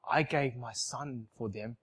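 A man quietly quoting the gentle, loving voice of God in a soft, hushed tone. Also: mid-range voice, unhurried, breathy edge, pitched below the performer's own voice. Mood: tender.

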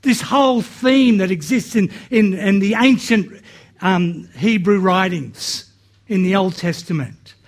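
Speaking at a measured pace, this man's voice sits high as he delivers an earnest sermon. Starting phrases, he tends to repeat words, and the scripture he reads gets acted out with a voice that climbs and falls.

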